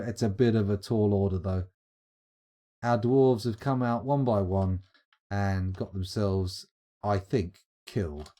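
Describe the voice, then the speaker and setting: A man's voice: on the low side, mellow. A man streaming live, giving chatty, wry gameplay commentary as he thinks aloud. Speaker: streamer playing a game.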